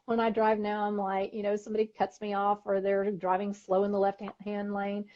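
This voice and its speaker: A middle-aged woman with a Texan accent, co-hosting a podcast and telling stories in a chatty, animated way. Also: medium pitch, moderate pace. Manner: chatty, storytelling, lively voices for quoted people. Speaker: podcast co-host. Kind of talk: casual chat. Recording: dull lo-fi audio.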